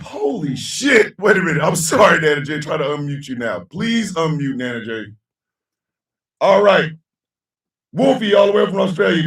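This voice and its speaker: A man hosting a casual live-stream show, loud and laughing, heavy on slang. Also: on the high side, animated, moderate pace, recorded from a distance. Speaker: host. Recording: echoey room, a bit off-mic.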